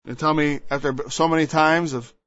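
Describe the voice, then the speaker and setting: This sermon comes from a man whose voice is on the high side, a bit bright, with fairly even intonation and a slightly fast pace. He reads and explains scripture emphatically, wandering into digressions and performing quoted voices, all in a dull, lo-fi, echo-free dry recording.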